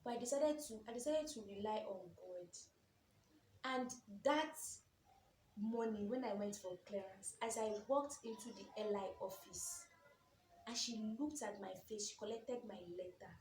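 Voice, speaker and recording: A woman's voice: medium pitch, normal speed, reverberant, slight background noise. A young Nigerian woman in her twenties telling an emotional personal story in a vlog, with lots of repetition. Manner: emotional, animated storytelling with repeated phrases. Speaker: vlogger.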